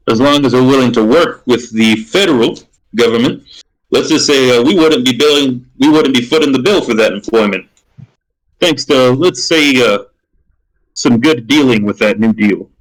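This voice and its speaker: A man's voice: medium pitch, lightly acted, rough recording. A man voicing a smug, scheming rich businessman who drawls slyly and hesitates with many fillers.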